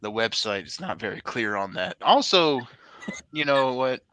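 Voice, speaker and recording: A man hosting a casual podcast, animated and quick to laugh as he opens the show. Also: mid-range voice, clean tone, no room sound. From Texas. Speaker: podcast host.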